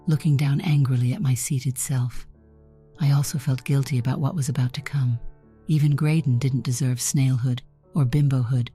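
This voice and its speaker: A woman narrating a first-person story in an even, measured way. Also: a bass voice.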